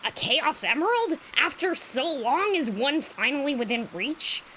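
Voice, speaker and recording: A woman doing a high, grandiose gang boss lady. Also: big pitch swings, measured pace, bright, forceful tone, slight background noise, heavily acted, rough recording.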